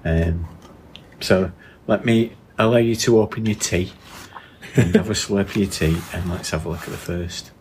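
A man's voice: deep voice, normal speed, a little mellow, a little hiss or hum. A middle-aged man with a northern English accent, co-hosting a casual podcast chat and steering it with questions. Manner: steering the talk with questions and tag questions. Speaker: podcast co-host.

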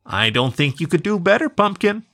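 A folksy old grandpa dog from a storybook, as a man puts him on, slow and easygoing. The voice lifts and swoops with lively pitch. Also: full character voice. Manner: slow, folksy and warm-hearted.

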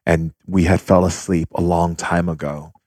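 A man voicing a pair of freed spirits giving thanks in a slow, hushed tone. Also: sits low, flat delivery, no room sound, studio quality, voice pushed down. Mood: grateful.

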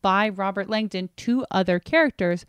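Woman podcast co-host, animated and sarcastic, dead-dry studio sound. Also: medium pitch, normal speed, clear, resonant tone, no room sound. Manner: sarcastic, animated riffing with quoted voices. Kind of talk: casual chat.

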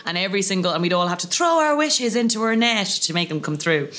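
Man, podcast guest, higher pitch, bright, tense tone, self-mocking comic storyteller. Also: fast. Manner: lively, self-mocking, animated anecdotes.

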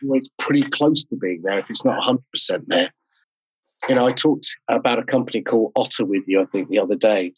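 Guy on a video call, husky lowish voice, dry dull sound, keen to explain. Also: dry recording. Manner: enthusiastic, explanatory, quick asides. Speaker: podcast host and interview guest. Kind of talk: casual interview talk.

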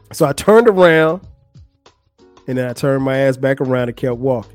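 A man's voice: mid-range voice, normal speed, pauses often, no room sound, faint music behind. A man in his forties from the United States, hosting a podcast and telling a story in loose, slangy casual talk with restarts. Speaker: podcast host.

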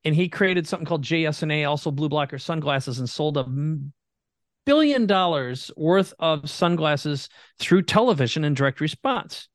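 A man from Minnesota telling his story as a guest entrepreneur in an earnest, animated way. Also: fairly high pitch, normal speed, no echo, studio quality. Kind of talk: conversational storytelling.

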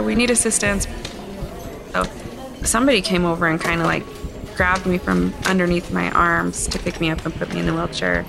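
Speaking in a lowish, creaky voice, this Utah woman in her thirties is interviewed about something painful. She retells it candidly and emotionally, in her own words, full of quoted asides.

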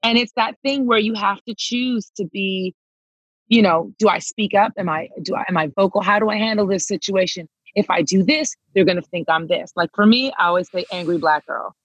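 A woman's voice: medium pitch, brisk, slightly rough, no room sound, highs cut off. A woman, a touring singer, telling a personal story emphatically and acting out the dialogue. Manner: emphatic, reenacts dialogue, calls listener girl.

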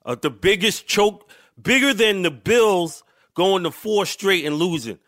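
A man's voice: high-pitched, lively intonation, a little slow, a bit bright. A man co-hosting a podcast, trash-talking sports with lots of profanity. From New York. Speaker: podcast co-host. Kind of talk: casual sports chat.

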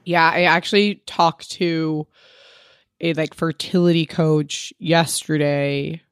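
A woman's voice: low voice, fairly even intonation, takes it slowly, clean tone, no echo, studio quality. Frank, rambling woman in her thirties. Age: 30s. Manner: frank, rambling, heavy use of "like". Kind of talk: candid personal chat.

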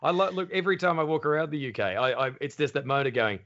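A man in his thirties with an Australian accent, a comedian guest on a podcast who riffs fast and swears often in sardonic chat. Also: fairly high pitch, animated, fairly bright tone, lo-fi sound. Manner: sweary, sardonic, quick riffing.

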